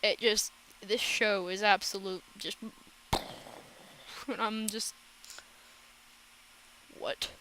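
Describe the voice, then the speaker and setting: A woman's voice: medium pitch, fairly even intonation, sharp tone, slight background noise, rough recording. A woman chatting casually in a rambling, profane reaction vlog. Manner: rambling, profane, quick asides. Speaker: reaction vlogger.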